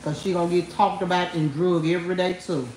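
A woman's voice: fairly low pitch, fairly even intonation, fairly quick, a little mellow, slight background noise. A woman hosting a livestream, mocking someone and laughing as she talks straight to her viewers. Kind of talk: trash-talking livestream rant. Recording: echoey room.

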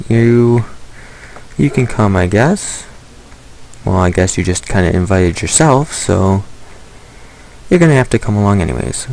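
Man, gaming commentator, gravelly voice, chatty and playful with the game's animals. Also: fairly low pitch, darkish tone, rough recording. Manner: playful, talks to the game animals. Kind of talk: casual let's-play commentary.

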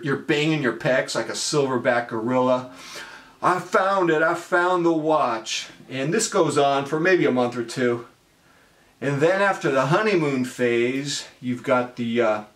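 A man giving a casual, humorous vlog monologue in a wry, playful, self-mocking manner. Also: mid-range voice. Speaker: watch vlogger. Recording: roomy echo.

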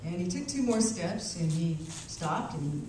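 A woman's voice: lowish voice, lively intonation, moderate pace, mellow, slight background noise. Woman telling a wry story, echoey hall. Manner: wry, anecdotal, self-mocking. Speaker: keynote speaker. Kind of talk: storytelling speech. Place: large hall, conference. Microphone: small camcorder far off. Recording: echoey hall, far from camcorder.

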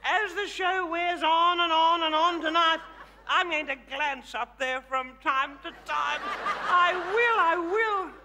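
A very high, fluting older Australian lady, performed by a man, who preens as a glamorous megastar and coos teasing endearments at the crowd. She plays it big and theatrical in a live stage comedy monologue. Her voice rings through a large theatre with long reverb and audible audience noise. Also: takes it slowly, heavily acted. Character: flamboyant older Australian woman, glamorous self-proclaimed megastar.

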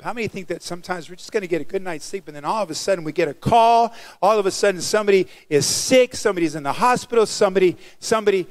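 A male pastor preaching a sermon, animated and calling out to the congregation for responses. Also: high-pitched, fast talker, no echo.

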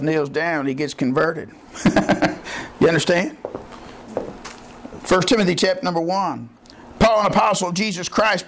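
A man preaching a sermon as pastor of a church, impassioned and folksy, rising to shouts. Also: on the high side, slight background noise.

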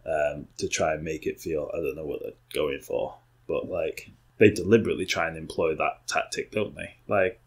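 A man's voice: a bass voice, steady tone, moderate pace, breathy edge. A young man, co-hosting a podcast in casual, rambling chat full of fillers and restarts. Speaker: podcast co-host.

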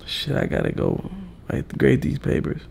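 A young man vlogging, chatting casually and teasing with a playful, laughing manner and a raspy voice. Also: mid-range voice, wildly swooping pitch, normal speed, very noisy.

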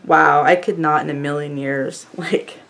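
A woman's voice: deep voice, steady tone, unhurried, creaky, fairly bright tone. A woman vlogger chatting casually to the camera, gushing and effusive as she rambles on. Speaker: beauty vlogger opening fan mail.

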